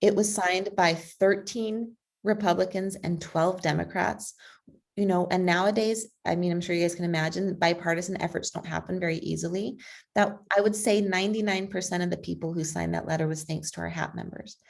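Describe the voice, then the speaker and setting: A woman speaking as a guest on a video call, persuasive and energetic, with frequent fillers. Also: lowish voice, fairly quick, creaky. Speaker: guest speaker, advocacy group president. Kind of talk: conversational online talk.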